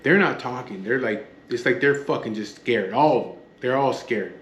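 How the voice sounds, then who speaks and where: A man tells a story from his own past in a blunt, foul-mouthed way, with a voice that sits at an ordinary middle pitch. The room sounds roomy and echoey, with a faint hum of ambience behind him. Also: normal speed, fairly bright tone. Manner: blunt and profane, acts out the dialogue. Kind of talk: casual spoken storytelling.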